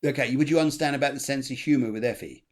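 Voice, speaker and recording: A man runs a live spiritual reading in a chatty, rambling way. He repeats himself often and breaks into laughs between phrases. His pitch sits in an ordinary middle range for a man. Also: rapid-fire. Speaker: medium, show host.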